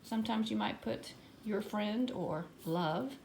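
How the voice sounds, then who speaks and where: Gravelly-voiced woman teaching young children. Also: medium pitch, darkish tone, a little hiss or hum. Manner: slow, exaggerated reading of words. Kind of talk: early-grade writing lesson.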